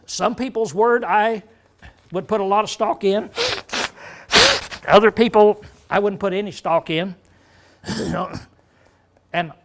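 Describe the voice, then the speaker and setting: High-pitched folksy older male preacher. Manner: folksy, frequent throat clearing, rhetorical questions. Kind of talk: sermon.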